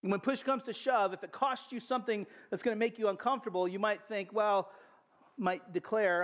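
High-voiced man preaching a sermon. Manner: earnest, animated preaching with quick asides. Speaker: pastor.

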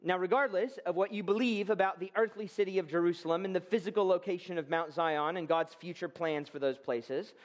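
Male pastor preaching a fervent sermon; high voice, swelling emphasis. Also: steady tone, a little fast, hardly any pauses.

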